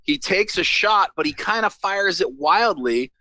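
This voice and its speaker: Animated, bright-voiced storytelling man. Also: sits high, a little slow, dry recording. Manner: animated storyteller, teasing, moves the show along. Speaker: co-host. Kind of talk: casual comedic chat, narrating game matchups.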